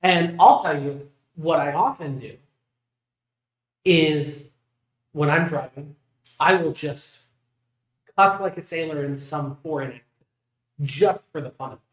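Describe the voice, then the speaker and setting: A man co-hosting a podcast in casual debate, relaxed and jokey as he pushes back on his co-host. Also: on the high side, unhurried, pauses often. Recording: roomy echo.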